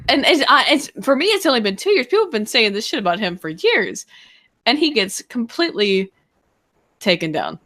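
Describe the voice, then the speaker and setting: A woman's voice: medium pitch, a bit bright. A woman with a strained, worn-out voice, chatting candidly and profanely on a livestream. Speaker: stream co-host. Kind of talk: casual livestream chat.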